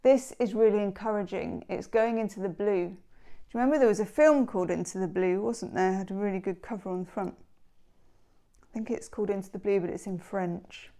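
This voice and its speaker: A woman's voice: mid-range voice, a little fast, mellow. A woman giving a tarot reading in a chatty, rambling, enthusiastic way. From England. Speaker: tarot reader. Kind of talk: casual tarot reading chat.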